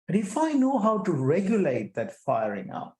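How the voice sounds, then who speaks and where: Animated man, slightly higher voice, echoey room. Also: moderate pace. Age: middle-aged. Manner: animated, restarts and repeats words, asks the audience rhetorical questions. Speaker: guest speaker. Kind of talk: conversational talk at an online chapter event.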